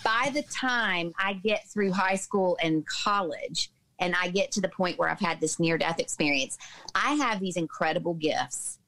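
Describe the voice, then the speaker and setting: A woman in her fifties from the Southern United States, a podcast guest telling personal stories in a lively way, with many fillers. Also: on the low side, a little slow, slight background noise, rough recording. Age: 50s. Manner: lively storyteller, mimics voices in quotes, many fillers. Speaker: podcast guest, author and healer. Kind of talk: personal storytelling in a conversation.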